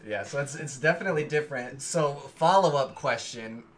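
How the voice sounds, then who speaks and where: A man's voice: medium pitch, fairly quick, a bit bright. A young American man hosting a casual chat, loose and jokey, laughing easily. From United States.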